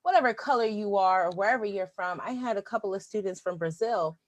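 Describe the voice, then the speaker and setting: A woman who teaches, chatting in a relaxed, reflective way. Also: mid-range voice, fast, no echo. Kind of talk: casual conversation.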